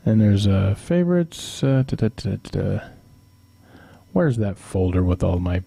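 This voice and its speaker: A man's voice: on the low side, big pitch swings, a little slow, creaky, mellow, a little hiss or hum. A middle-aged man hosting a live stream, chatting casually with viewers and telling rambling family stories with chuckles and teasing asides. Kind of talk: casual storytelling to chat.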